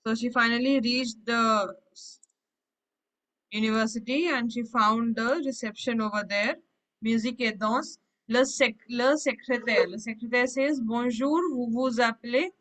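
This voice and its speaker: A woman's voice: fairly high pitch, fairly even intonation, a little slow, a bit bright, low-quality recording. A woman teaching a French class, reading short phrases and then explaining each one in English. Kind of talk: online language class explanation.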